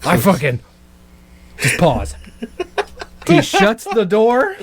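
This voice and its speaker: A man's voice: sits high, wildly swooping pitch, slow pace, crowd noise. A young man co-hosting a podcast, telling crude stories with his friends and laughing often as he goes. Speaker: podcast co-host. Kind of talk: casual chat.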